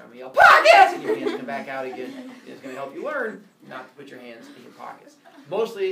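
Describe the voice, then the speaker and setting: A male teacher explaining classroom rules in a playful, joking way, now and then shouting mock corrections. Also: mid-range voice, vocal fry, reverberant, far from the mic. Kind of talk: classroom instructions. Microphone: phone recording from across the room.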